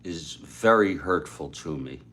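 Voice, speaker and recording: A man casually retelling a story aloud, unhurried, with frequent fillers and asides. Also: deep voice, lively intonation, a bit bright.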